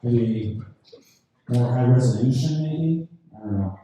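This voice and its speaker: A man doing a stand-up comedy set at an open mic night, talking in a halting, deadpan way full of fillers. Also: mid-range voice, slight background noise. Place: lounge comedy night, indoors. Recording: very echoey room from far off.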